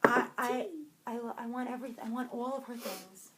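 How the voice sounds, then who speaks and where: A bubbly young woman with a fairly high voice talks through her purchases in a loose, rambling way. She restarts her sentences and trails off as her thoughts run ahead. It is relaxed podcast chat between friends. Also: fairly quick, very noisy. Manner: bubbly, rambling, self-interrupting. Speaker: podcast co-host. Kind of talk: casual chat about a yarn haul.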